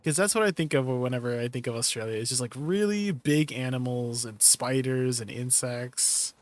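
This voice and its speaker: A young man chats casually with viewers as he games live, reading their messages and riffing on them with easy amusement. His voice is mid-range at normal speed, and the recording has no room sound.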